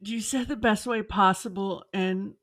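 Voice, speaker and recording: A woman's voice: medium pitch, steady tone, a little slow, a bit bright, no room sound, studio quality. A woman co-hosting a podcast in casual chat, sounding sick, playful and enthusiastic. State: sick, lowered voice. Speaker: podcast co-host.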